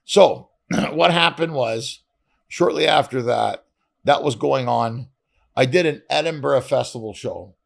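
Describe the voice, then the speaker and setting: A middle-aged man from Canada, a comedian guest telling animated stories and acting out dialogue with swearing. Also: mid-range voice, a little slow, vocal fry. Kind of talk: casual storytelling interview.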